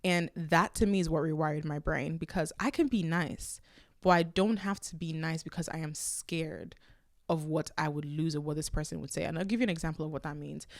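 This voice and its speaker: A woman's voice: sits low, a little fast, dry recording, clean studio sound. A woman hosting her own podcast, talking candidly and casually, telling stories with animation. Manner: candid, conversational, animated storytelling. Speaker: podcast host. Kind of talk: casual solo podcast talk.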